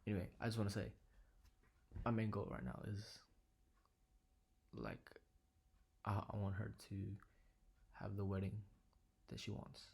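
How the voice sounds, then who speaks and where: Young male vlogger, quiet and sincere, low gravelly delivery, flat and even in tone. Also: normal speed, pauses often. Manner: quiet, low-key and earnest, sometimes dropping to a whisper. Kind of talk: reflective personal vlog. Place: living room at home.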